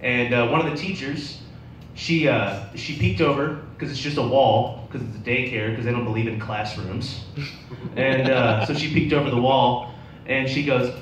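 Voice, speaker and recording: A man's voice: mid-range voice, steady tone, moderate pace, a little hiss or hum. A young man doing a stand-up set at an open mic, telling stories with lots of filler words. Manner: rambling storytelling with many fillers. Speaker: stand-up comedian. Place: bar open mic night. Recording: roomy bar sound from a distance.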